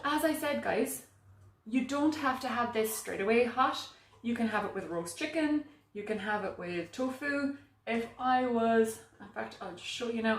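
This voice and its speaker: A woman's voice: a little high, fairly bright tone. A woman presenting a live cook-along demonstration in her home kitchen, chatty and self-mocking, picked up by a camera mic some distance away. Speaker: cooking demo presenter. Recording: echoey kitchen, mic far off.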